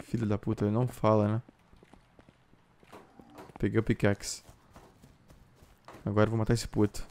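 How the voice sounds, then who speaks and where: A man with a Brazilian accent giving live gameplay commentary, switching into excited voice-chat calls, loud outbursts and cursing. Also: on the low side, brisk, pauses often, a little hiss or hum. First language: Brazilian Portuguese. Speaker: gaming YouTuber.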